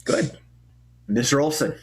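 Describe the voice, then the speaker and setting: A man's voice: medium pitch, unhurried, a little hiss or hum. A man hosting a live improv comedy show online, joking and laughing often between turns. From Minnesota.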